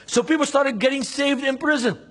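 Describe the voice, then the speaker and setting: A man's voice: very high-pitched, steady tone, fairly quick, fairly bright tone. A man preaching a sermon with passion, throwing rhetorical questions at his listeners. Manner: impassioned, fires rhetorical questions at the audience.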